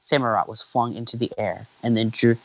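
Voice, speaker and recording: A man's voice: mid-range voice, fairly even intonation, fairly quick, dry recording, low-quality recording. A young man casually reading fanfiction aloud to friends, often stumbling over names and restarting lines. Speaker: fanfiction reader.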